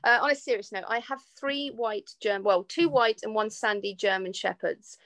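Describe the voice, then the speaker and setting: A woman's voice: medium pitch, normal speed, fairly bright tone, no echo. A woman with an English accent, a podcast guest chatting casually and laughing often, with frequent restarts. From England. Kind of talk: casual chat.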